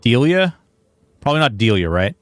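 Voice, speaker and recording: A man's voice: mid-range voice, big pitch swings, normal speed, no room sound, soft background music. A man streaming a video game, talking in an earnest, rambling way into a headset. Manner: earnest, rambling, with many restarts. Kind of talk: livestream chat and game commentary.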